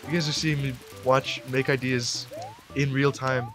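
A young man in his late teens giving rambling let's play commentary into a desk mic, breaking into sudden excited yelps. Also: mid-range voice, measured pace, music in the background. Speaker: gamer.

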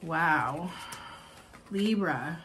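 A woman's voice: low-pitched, animated, extremely slow, noisy background. A young adult woman giving a spiritual oracle card reading, talking in an effusive, rambling way with many fillers and frequent laughs.

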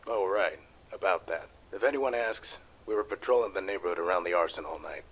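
An actor playing a hard-boiled male police detective, narrating in a gruff, dry noir style for a game. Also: sits low, brisk, a bit bright, dull audio. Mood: terse. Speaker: game character.

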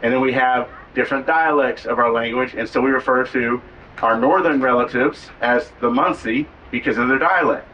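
A man's voice: medium pitch, normal speed, pushed and bright, highs cut off. Man joking as he teaches a crowd outdoors. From Oklahoma. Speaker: tribal cultural educator. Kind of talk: outdoor talk to a visiting group. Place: outdoors at a waterfall site. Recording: distant mic with faint background noise.

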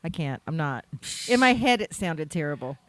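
A woman co-hosts a relaxed movie podcast. Her pitch moves all over the place as she talks. She reacts quickly and expressively to the others. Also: slight background noise. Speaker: podcast co-host. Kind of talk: casual podcast chat.

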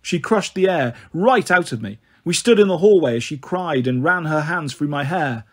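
A man reading an audiobook aloud as a first-person narrator, steady storytelling. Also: a little high, normal speed, slightly rough. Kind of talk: scripted narration.

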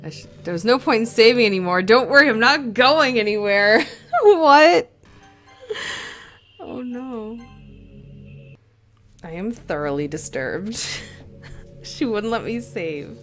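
A woman's voice: on the high side, animated, takes it slowly, pauses often, fairly bright tone, soft background music. A young woman playing a game and commenting on it, jumpy and nervous, often laughing. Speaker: let's play host.

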